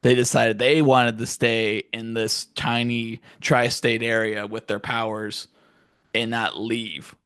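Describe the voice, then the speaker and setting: A man's voice: mid-range voice, flat delivery, takes it slowly, fairly bright tone, smooth, no room sound, studio quality. A man co-hosting a casual podcast, laughing often, swearing freely and retelling scenes animatedly. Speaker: podcast co-host. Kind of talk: casual chat.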